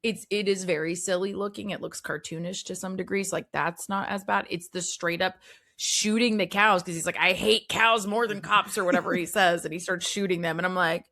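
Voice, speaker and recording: Low-voiced female podcast co-host. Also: steady tone, brisk, a bit bright, no room sound. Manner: chatty, uses "like" a lot, blunt opinions. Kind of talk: casual film-review chat.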